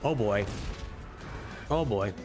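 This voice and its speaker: A man's voice: fairly low pitch, lively intonation, takes it slowly. A man hosting a live stream, chatting casually and answering viewers' questions while he plays. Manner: rambling, answers viewers' questions, off-hand asides. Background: music.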